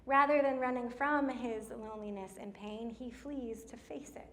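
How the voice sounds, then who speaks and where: A middle-aged woman preaching a sermon in church, telling stories in an animated way, slowing down for emphasis. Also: a little high, a little hiss or hum. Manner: animated storytelling with laughs and slowed emphasis. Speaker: pastor.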